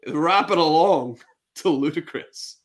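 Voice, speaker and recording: A man's voice: on the high side, takes it slowly. A man co-hosting a casual fantasy football chat show, laughing and reacting to clips.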